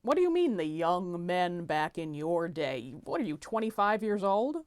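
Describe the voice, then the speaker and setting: A woman playing a flustered, bookish young gentleman. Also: fairly low pitch, very animated, normal speed, no echo, clean studio sound. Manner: prim, exasperated, stammering. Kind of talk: comedic audio drama.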